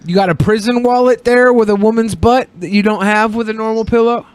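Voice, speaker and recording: A man with a high-pitched voice co-hosts a loose podcast. He jokes around and tells rambling, crude anecdotes in casual banter. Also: fairly even intonation, fairly quick, clear, resonant tone, no echo. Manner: jokey, tells stories. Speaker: podcast co-host.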